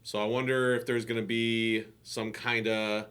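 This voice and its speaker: A man co-hosting a casual podcast chat, telling stories in an animated way and acting out what people said. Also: mid-range voice, a little slow, clean tone. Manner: animated storyteller who acts out quotes and laughs often. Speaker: podcast co-host and voice director.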